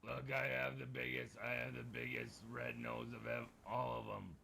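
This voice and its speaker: Gravelly guy with a bright edge, joking around and cussing in game chat. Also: medium pitch, little pitch movement, normal speed, a little hiss or hum. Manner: joking, teasing, swears freely. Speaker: streamer.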